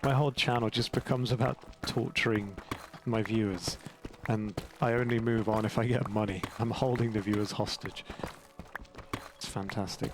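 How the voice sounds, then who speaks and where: A man's voice: lowish voice, fairly even intonation, moderate pace, noisy background. A young English man with an English accent chatting in a rambling, self-mocking way while commentating his gameplay. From England. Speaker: gaming YouTuber. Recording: game music playing behind.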